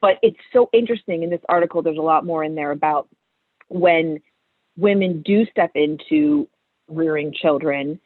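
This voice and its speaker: Woman in her 30s, open and animated guest, heard over a thin phone-like call line with no room sound. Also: low voice, normal speed, dry recording. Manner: candid, animated storytelling. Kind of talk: casual interview chat. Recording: tinny phone-like line, dry.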